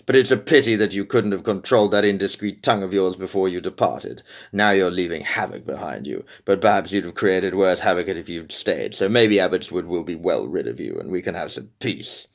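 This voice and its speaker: A man's voice: animated, fairly quick, vocal fry, few pauses. A man doing a bitter, domineering husband. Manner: low, clipped, bitter.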